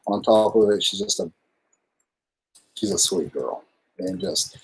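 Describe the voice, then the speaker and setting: A man's voice: fairly low pitch, big pitch swings, moderate pace, vocal fry, pauses often, darkish tone, breathy edge. A man co-hosting a casual live stream. He rambles loosely through his thoughts, swears freely and keeps an easygoing, unpolished tone. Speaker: livestream co-host.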